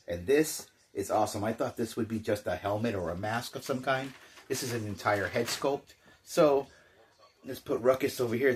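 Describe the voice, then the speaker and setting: An older man chatting casually through a toy unboxing, rambling with jokey asides. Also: medium pitch. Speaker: toy collector.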